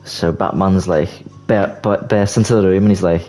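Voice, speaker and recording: A young man with a low voice narrates a film idea in an animated, casual way. He stumbles and restarts as he gets excited. A soft music bed runs under him. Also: low-quality recording. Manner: animated storytelling, swearing, quick restarts. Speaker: YouTuber. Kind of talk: casual movie plot pitch.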